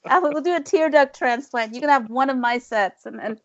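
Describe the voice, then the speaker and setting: A woman author chatting as a podcast guest, her voice a bit higher than most women's. She is playful and breaks into laughter often. The sound is dry and dull, a lo-fi recording. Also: a little fast, dry recording. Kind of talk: casual interview chat.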